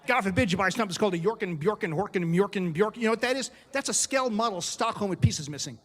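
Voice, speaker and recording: A middle-aged man from the United States performing a stand-up comedy set on a club stage, with punchy delivery and quick asides to the crowd. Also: high voice, lively intonation, fairly bright tone, in a large hall.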